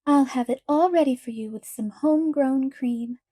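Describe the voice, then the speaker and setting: A woman's voice: high voice, normal speed, dark tone, dry recording, studio quality. A woman reading an audiobook, voicing a wistful, whimsical middle-aged lady who sighs and lingers dramatically over her words. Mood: delighted.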